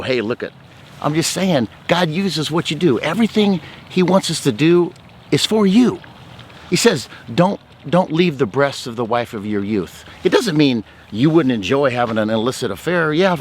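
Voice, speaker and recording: A man's voice: medium pitch, slight background noise. A man speaking as a ministry speaker, giving a chatty faith testimony full of stories. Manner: talkative, outgoing storyteller.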